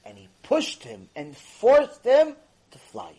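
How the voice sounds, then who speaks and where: A man giving an impassioned mussar lecture, exhorting his listeners and swinging between hushed and loud. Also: extremely high pitch, huge pitch swings, takes it slowly. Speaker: Torah lecturer.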